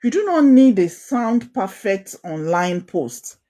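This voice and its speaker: Mellow-voiced woman coaching a workshop. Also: mid-range voice, very animated, takes it slowly. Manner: emphatic, repeats points to drive them home. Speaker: workshop facilitator. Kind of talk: coaching session teaching.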